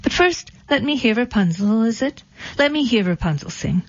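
A woman's voice: fairly high pitch, lively intonation, moderate pace, no room sound. Storybook prince, young man, glib and persuasive, read by a woman, muffled dry recording. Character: smooth-talking money-minded young male prince. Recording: dull lo-fi recording.

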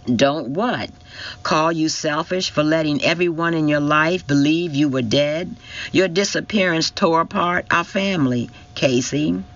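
Male narrator, slow and intense first-person storytelling, muffled lo-fi recording. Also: a little high, a bit bright. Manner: emotional, intense reading. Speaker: audiobook narrator.

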